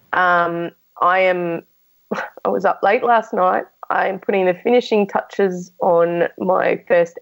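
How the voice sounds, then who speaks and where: A woman's voice: on the low side, gravelly, rough recording. Frank woman telling her story. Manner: frank, storytelling, with many restarts and fillers. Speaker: guest. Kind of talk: casual conversation.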